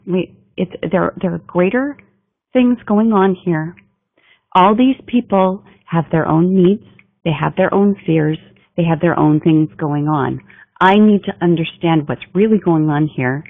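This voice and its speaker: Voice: medium pitch, dry recording. A communication trainer giving a business training talk in an emphatic, coaching delivery. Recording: tinny phone-like dry recording.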